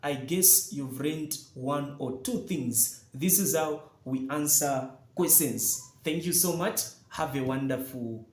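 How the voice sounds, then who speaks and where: A man's voice: on the high side, takes it slowly, few pauses, darkish tone, echoey room. A man tutoring chemistry, walking through a worked problem, repeating himself for emphasis and asking viewers if they have seen. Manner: repetitive, emphatic, addresses viewers directly. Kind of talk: chemistry lesson walkthrough.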